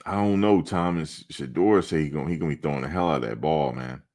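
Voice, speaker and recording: A man's voice: extremely low pitch, fast talker, darkish tone. A male host of a football fan show, chatting casually in a playful, joking, slangy way and repeating himself for emphasis.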